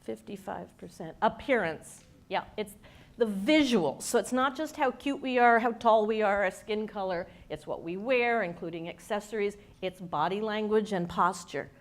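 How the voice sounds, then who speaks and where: Speaking at a normal speed in a mid-range voice, a woman who is a communications expert runs a playful, lively workshop for a live audience. She asks her listeners questions and uses her own voice to act out the speech habits she describes.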